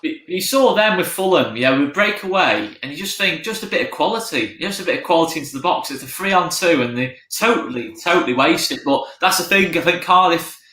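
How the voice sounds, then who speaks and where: Bright-voiced man in a roomy room. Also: fairly high pitch, lively intonation, a little fast, few pauses. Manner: chatty, repeats himself while thinking. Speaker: co-host of a football fan watchalong. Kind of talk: casual live match chat. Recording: roomy echo.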